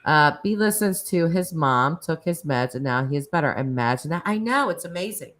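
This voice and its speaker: Chatty low-voiced woman host. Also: expressive, moderate pace, a bit bright, low-quality recording. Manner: chatty, laughs often, restarts. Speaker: live stream host. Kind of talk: casual live chat with callers.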